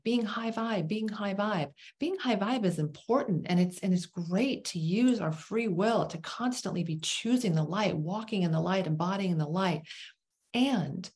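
A woman with a fairly low voice, teaching spirituality through a parable. She speaks slowly with long dramatic pauses and sinks to a hush on the words she stresses. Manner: slow, dramatic pauses, drops to a whisper on key words.

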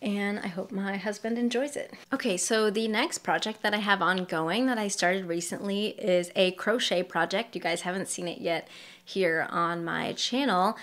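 A woman's voice: mid-range voice, normal speed, a bit bright. A young woman with a mild Massachusetts accent, chatting casually as host of a knitting podcast while she shows her projects and laughs lightly. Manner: chatty, laughs lightly, thinks aloud while showing work. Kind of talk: casual show-and-tell chat.

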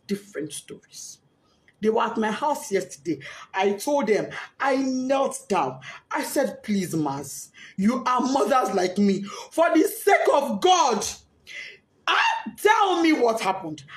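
A grief-stricken middle-aged woman with a Nigerian accent tells her story in an echoey room. Her voice is high and swings widely in pitch, lurching from raw shouting to hushed, tearful speech. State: grief-stricken, often crying. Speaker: bereaved mother. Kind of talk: emotional spoken testimony.

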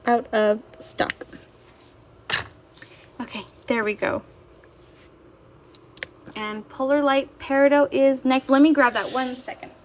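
Bubbly high-voiced young woman on livestream. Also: steady tone, slow pace, pauses often, slight background noise. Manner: bubbly, chatty, reads viewer comments aloud. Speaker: livestream seller. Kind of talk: casual livestream chat.

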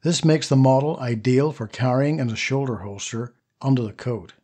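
A man reading the part of a calm, precise old male weapon shopkeeper in an audiobook, low and quiet. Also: moderate pace, breathy edge, natural voice.

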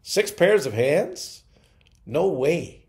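A man's voice: a little high, wildly swooping pitch, moderate pace, darkish tone, pitched above the performer's own voice. A fussy doubting angel woman, as a man reads her. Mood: incredulous.

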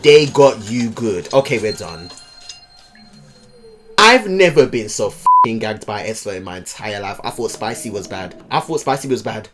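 A man hosting a music video reaction, loud and excitable, swearing and jumping into high squeals. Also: moderate pace, a crowd in the background. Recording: music playing behind.

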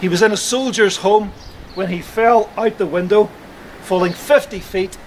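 A man's voice: sits high, rough recording. A man giving a solemn historical address at an outdoor memorial service. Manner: measured, solemn delivery. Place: outdoors at a churchyard. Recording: outdoor recording with faint ambient noise.

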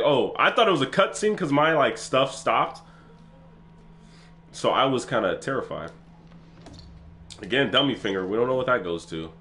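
A man giving excitable let's play commentary for his gaming channel, swearing freely as he plays. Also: medium pitch, a little hiss or hum.

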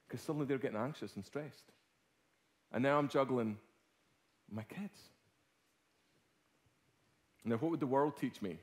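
A middle-aged Scottish man preaching a sermon as a guest speaker, telling a personal story with swings from hushed to loud. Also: medium pitch, moderate pace, long pauses. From Scotland.

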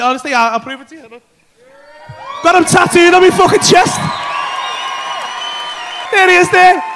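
A man doing stand-up comedy, telling a story in a loud, animated way, full of swearing. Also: very high voice, background noise. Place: comedy club stage.

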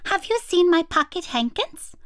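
An eager little farm girl full of wondering questions, voiced by a woman reading a storybook aloud. Her voice is lifted well above the reader's own into a high, bright register. The sound is close and dry, with no room echo. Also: very animated, normal speed, full character voice. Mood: curious.

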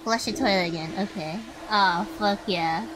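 A young woman streaming a game, chatting to her viewers with lots of swearing and sudden excited outbursts. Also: medium pitch, moderate pace, background noise. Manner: excitable, swears freely, talks to chat. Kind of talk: live gameplay commentary.

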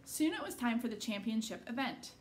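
A school staff member, a woman, reading a children's picture book aloud in an expressive storytelling manner. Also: fairly high pitch, brisk, slight background noise.

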